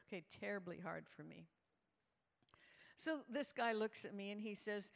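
A woman telling a humorous story to a live audience at a church event, animated and lively. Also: mid-range voice, normal speed, vocal fry. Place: large hall with live audience. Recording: reverberant hall.

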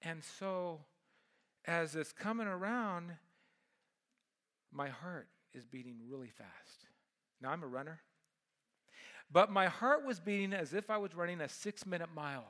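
A middle-aged man preaches to his congregation in a bright, somewhat high voice. He tells a personal story with lively energy. His delivery swings between loud and hushed. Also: unhurried, long pauses. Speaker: pastor.

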